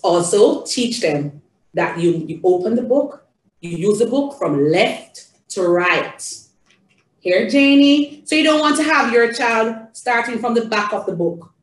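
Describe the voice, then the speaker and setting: A woman's voice: mid-range voice, animated, a little slow, roomy sound, distant mic, low-quality recording. A woman with a Jamaican accent, an early childhood educator, shows parents how to read a storybook to a small child in a sing-song, coaxing way. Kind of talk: demonstrating reading a storybook to a toddler.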